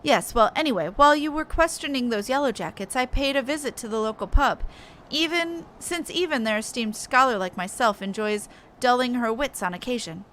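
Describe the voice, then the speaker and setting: A woman's voice: fairly high pitch, brisk, fairly bright tone, a little hiss or hum, lightly acted. A woman voicing a haughty, fussy female scholar in a video game, with formal, archaic phrasing, reading the dialogue aloud. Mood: sniffy.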